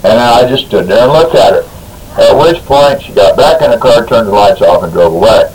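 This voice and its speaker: A man's voice: on the low side, animated, brisk, a crowd in the background, rough recording. A man as a radio talk guest, telling a long story in a folksy, rambling way, with stumbling restarts. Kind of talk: radio talk, anecdote and legal commentary.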